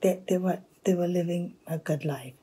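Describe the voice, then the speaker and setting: A woman telling a folktale aloud, narrating in a hushed, half-whispered way with pauses. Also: on the low side, husky. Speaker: storyteller. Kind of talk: oral storytelling.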